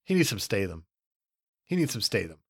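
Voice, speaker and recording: A man co-hosting a podcast, recapping a movie in sarcastic, animated casual chat with frequent laughter. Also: lowish voice, brisk, slightly rough, no echo, clean studio sound. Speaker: podcast co-host.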